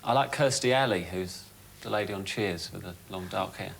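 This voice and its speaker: A man from London answers the host in a laid-back, low-key way as a game show contestant. A faint hiss sits under his voice. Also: normal speed, gravelly, a bit bright. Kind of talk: answering host's questions.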